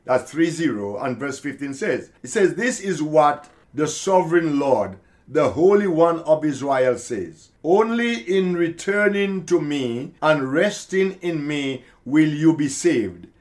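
Male podcast preacher, slow deliberate delivery, slightly higher voice. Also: animated. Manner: slow, emphatic preaching with repetition. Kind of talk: podcast sermon.

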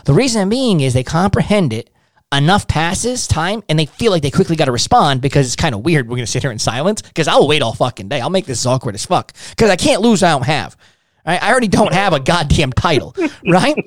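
A man's voice: a little high, very animated, fairly quick, no echo, clean studio sound. A man coaching on sales in blunt, profane casual talk, acting out little dialogues as he tells stories. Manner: blunt, swearing, acts out dialogues. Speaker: sales trainer.

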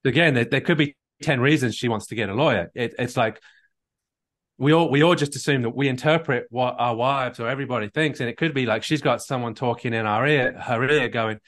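Man, relationship coach, live coaching call, earnest, repeats words mid-thought, mid-pitched voice. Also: fairly quick, fairly bright tone. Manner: earnest, repeats words while thinking, acts out sample dialogues. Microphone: call recording.

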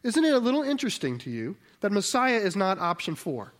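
A man's voice: sits high, big pitch swings, a little fast, a bit bright. A man preaching a conversational sermon, often asking his listeners rhetorical questions and restarting his sentences. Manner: restarts and self-corrections mid-sentence.

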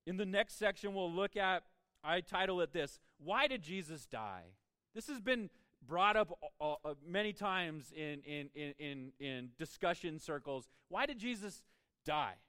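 Male pastor, higher pitch, dry close sound; emphatic sermon with repeated starts. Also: expressive, a little slow, bright, forceful tone, clear, resonant tone, dry recording. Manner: emphatic, repeats words when starting a thought.

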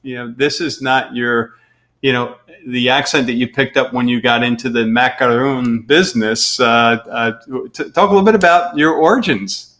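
A man hosting an interview, chatty and quick to laugh, reacting warmly to his guest's answers. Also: medium pitch. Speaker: podcast interviewer. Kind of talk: casual interview.

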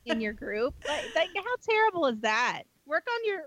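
A woman co-hosting a casual chat about a TV show, animated and opinionated. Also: very high voice, normal speed, no echo. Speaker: podcast co-host.

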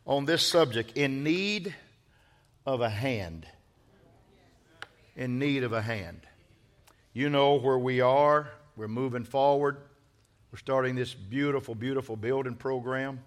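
Male pastor, sermon from the pulpit, call-and-response, emphatic build. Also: mid-range voice. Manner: preacher leading call-and-response, builds to loud emphatic peaks. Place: church sanctuary.

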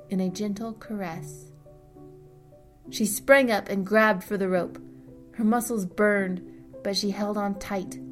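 A woman narrating a fantasy story in a steady storytelling manner. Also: mid-range voice. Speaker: audiobook narrator. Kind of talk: scripted narration.

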